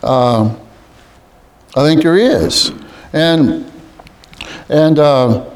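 A man leading a group Bible study in a room with others present, halting, with many restarts and frequent throat clearing. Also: on the high side.

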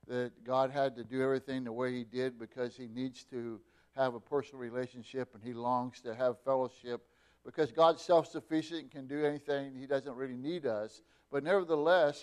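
Middle-aged pastor guy giving a sermon, slow and rambling with lots of uhs, smooth voice. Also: medium pitch, darkish tone. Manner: unhurried, repeats words and restarts, uses many fillers.

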